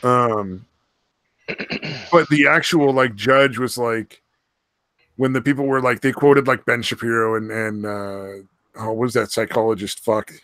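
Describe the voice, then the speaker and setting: A man's voice: mid-range voice, steady tone, a little slow, pauses often, a bit bright, no room sound, clean studio sound. A man co-hosting a casual podcast, talking in a profane, rambling way and often losing his train of thought. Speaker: podcast co-host.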